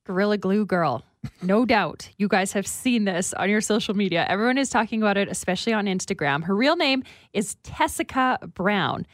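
A woman co-hosting a casual podcast, telling a story in a chatty, animated way. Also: medium pitch, normal speed, no room sound, clean studio sound. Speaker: podcast co-host.

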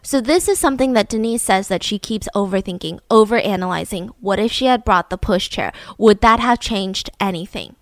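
A young adult woman hosting a podcast, telling a true story in a casual, animated way and building suspense with frequent asides to her listener. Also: mid-range voice, fairly quick, hardly any pauses, dry recording, studio quality.

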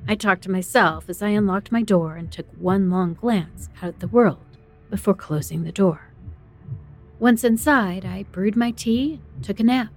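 A woman's voice: mid-range voice, moderate pace. A woman narrating a first-person horror story in a dramatic, tense storytelling manner.

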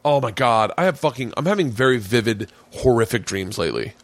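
A man's voice: mid-range voice, lively intonation, fairly quick, no echo. A man hosting a podcast from his man cave, swapping loose, profane stories in casual chat. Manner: rambling storyteller, profane, jokey. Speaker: podcast host.

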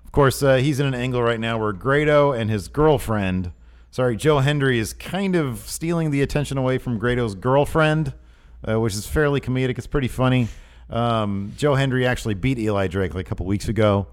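A man's voice: mid-range voice, fairly quick, clean tone. Man, casual podcast co-host, rambling and amused, lots of uhs. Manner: rambling, filler-heavy, amused. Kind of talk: casual wrestling news chat.

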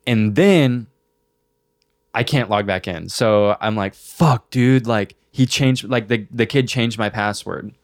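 A young man with a fairly low voice tells a story in casual podcast chat. He is animated and swears freely, and he jumps into the voices of the people in his story. The sound is close and dry. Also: a little slow, no echo. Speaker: podcast co-host.

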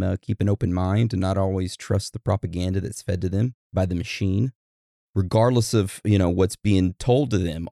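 A low, gravelly man co-hosts a podcast in loose, joking chat. The recording is dry and close, with no room sound at all. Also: dark tone, dry recording. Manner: laid-back, rambling, joking. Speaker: podcast co-host. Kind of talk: casual chat.

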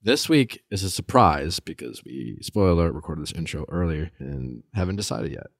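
A man's voice: deep voice, lively intonation, moderate pace, creaky, dry recording, clean studio sound. A man hosting a relationship advice podcast, chatting casually and joking with his co-hosts before taking callers. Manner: laid-back, joking, asks callers questions. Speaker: podcast host.

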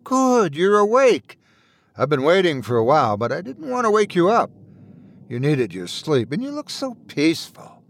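A man's voice: fairly high pitch, wildly swooping pitch. A man voicing a cheerful, loving older wife who fusses and hurries along in a spooky audio story. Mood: warm. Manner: bright, quick, fussing.

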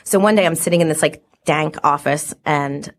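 A woman's voice: low-pitched, normal speed. A woman in her forties, a podcast guest telling stories in casual chat, full of "like" fillers. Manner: chatty storyteller, many "like" fillers.

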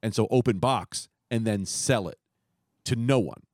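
A man's voice: lowish voice, unhurried, dry recording, clean studio sound. A young man telling long, profane stories in casual chat, acting out the voices of the people in them. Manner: rambling, profane, animated storyteller who acts out quotes.

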